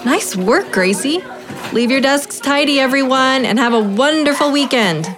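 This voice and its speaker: A woman's voice: high voice, expressive, normal speed, soft background music. A woman playing a kind, encouraging grade-school teacher in a children's audio drama. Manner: warm, encouraging.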